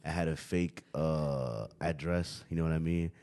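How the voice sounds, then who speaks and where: A man's voice: rumbling low, measured pace, darkish tone. A young man hosting a casual podcast, rambling and swearing, always adding "you know what I mean". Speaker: podcast host.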